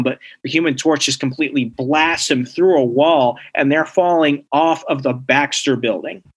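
A man co-hosting a podcast, casually recapping a comic book story with lively storytelling and quick bits of acting out the characters. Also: mid-range voice. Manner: animated storytelling, acts out characters' lines. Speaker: podcast co-host.

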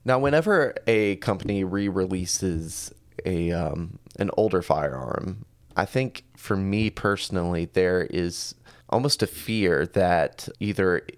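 A man hosting a podcast in a casual, chatty way, easygoing and quick to joke at his own expense. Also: low voice, no room sound. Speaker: podcast host.

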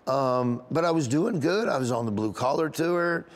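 This comedian speaks at a medium pitch and normal speed, animated, with a big-room sound. Being interviewed, he wanders through an emotional story, often on the edge of tears and laughter as memories come back.

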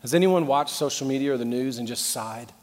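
A man preaching a sermon as pastor, out of breath and impassioned, shifting between loud preaching and quieter asides. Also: mid-range voice, a little fast. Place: large church sanctuary. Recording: church hall reverb.

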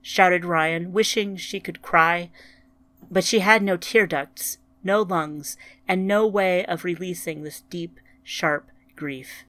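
Woman narrator, lower voice, slow and somber storytelling. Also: fairly bright tone, no room sound.

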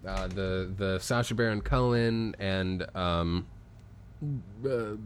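A man's voice: low voice, fairly even intonation, slow pace, slight background noise. A man co-hosting a casual chat, recapping a story in a jokey, rambling way. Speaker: podcast co-host.

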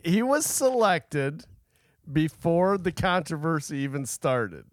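Podcast guy, bit high and lively voice, keeps restarting his sentences, dry mic. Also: a little slow, no room sound. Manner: defensive, joking, restarts a lot. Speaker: podcast co-host and event organizer. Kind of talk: casual banter. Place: studio.

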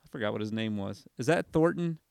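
A man chats on a casual sports podcast in a hyper, rambling way, breaking off to look things up as he talks. His voice is smooth and resonant. It is recorded close and dry, with no room sound. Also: fairly low pitch, lively intonation, fast, a little mellow, no room sound. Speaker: podcast host.

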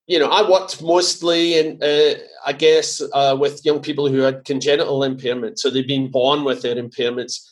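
A man with a Scottish accent, a podcast guest talking casually and haltingly, with many fillers and restarts. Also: mid-range voice, little pitch movement. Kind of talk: casual conversation.

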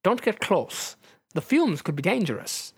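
A podcast host voicing a gentle, sad male mutant hero in a comic read-aloud of a kids' book. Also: very animated, husky, heavily acted. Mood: earnest. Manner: high, slow, earnest put-on voice.

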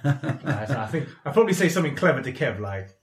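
A man's voice: mid-range voice, fast. A man, a podcast host telling a story in casual chat and acting out the voices of the people in it. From England. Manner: animated, acts out quoted voices, laughs often. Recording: roomy echoey room.

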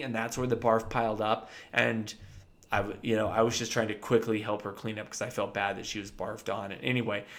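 A dentist telling a funny story from his practice in a casual chat, animated and often laughing. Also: medium pitch. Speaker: podcast co-host.

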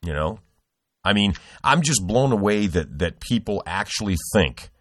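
A man's voice: lowish voice, expressive, normal speed, no echo, studio quality. A middle-aged man hosting a podcast, telling a rambling, profane story with lots of restarts. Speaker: podcast host. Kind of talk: casual podcast chat.

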